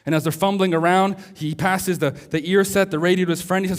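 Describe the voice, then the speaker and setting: A male pastor delivers a sermon as a story, pausing and slowing down to stress his key points. His voice sits high for a man. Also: fairly even intonation.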